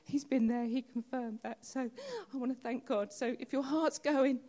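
A woman's voice: high-pitched, fairly even intonation, moderate pace, mellow. A woman giving a reflective, conversational testimony to a church congregation, speaking straight to the listeners. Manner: conversational and reflective, addresses the crowd directly.

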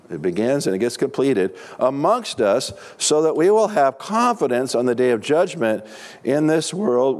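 Animated storytelling male pastor. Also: mid-range voice. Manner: animated storyteller, acts out dialogue. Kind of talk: sermon with storytelling.

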